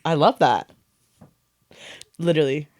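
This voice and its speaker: A woman's voice: sits low, measured pace, no echo. A woman guest on a podcast, chatting casually and acting out past conversations with a laugh. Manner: animated, laughing, acts out past talks. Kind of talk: casual chat.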